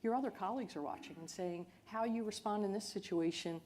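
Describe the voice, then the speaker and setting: A woman speaking as a company chief executive on a panel, in a measured, earnest way. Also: medium pitch, darkish tone, slight background noise. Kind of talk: panel discussion.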